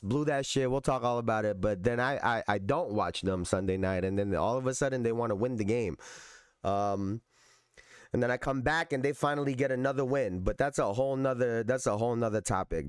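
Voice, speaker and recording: A man hosting a podcast in a loose, laughing chat, his voice hoarse and still recovering, repeating his own lines as he goes. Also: mid-range voice, no echo, clean studio sound. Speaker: podcast host. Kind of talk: casual chat.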